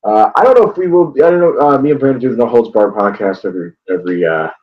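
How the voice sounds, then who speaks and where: A man's voice: medium pitch, animated, quick pace. A young man from northeast Ohio, chatting casually about a game, rambling with restarts and swearing freely. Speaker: sports vlogger. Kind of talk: casual chat. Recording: dull lo-fi sound.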